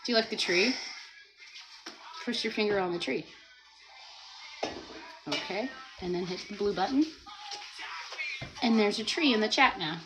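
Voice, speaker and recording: A woman hosting a casual livestream from home, chatting, laughing often and reading viewer comments aloud, and talking gently to a small child beside her. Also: mid-range voice, measured pace, long pauses, over music, rough recording. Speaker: livestream host.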